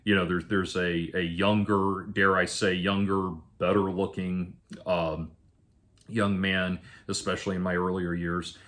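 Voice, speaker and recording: Man with a somewhat low voice who tells a personal story casually and halts often. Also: level tone, fairly bright tone. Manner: halting, restarts and self-corrections. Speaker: vlogger telling a personal story.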